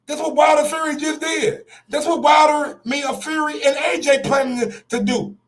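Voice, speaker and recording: A man's voice: extremely high pitch, level tone, normal speed. A man hosting a sports show, ranting in a heated, profane live-stream style, repeating his points for emphasis.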